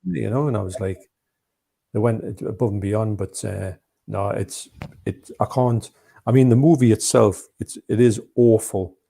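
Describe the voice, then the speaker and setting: A man with a low, gravelly voice talks loosely about cult films on a live stream, circling back and restarting his sentences as he goes. His tone is dark and mellow. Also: normal speed. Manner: rambling, restarts often, retells film scenes in put-on voices. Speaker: guest. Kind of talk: casual movie chat on a live stream.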